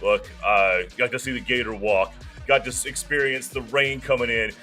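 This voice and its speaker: A man co-hosting a sports show over a video call, chatting excitedly and stumbling over repeated words. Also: mid-range voice, moderate pace, faint music behind. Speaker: co-host. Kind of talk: casual sports chat.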